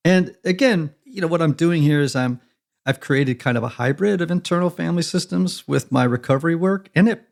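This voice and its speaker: A man's voice: a little high, a little fast, vocal fry. A man speaking as a guest on a conversational interview podcast, earnest and reflective, with emphatic stretches.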